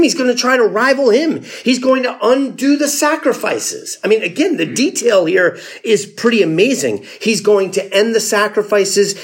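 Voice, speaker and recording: A man preaching a sermon in a conversational storytelling way, acting out the people in the story. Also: sits high. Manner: conversational storytelling, acts out quotes with laughs. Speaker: pastor.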